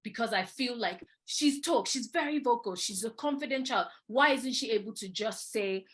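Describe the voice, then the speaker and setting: A woman educator candidly recounting a classroom experience in reflective storytelling, animated and openly self-critical. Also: fairly high pitch, normal speed. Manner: candid, animated, imitates a child's whining.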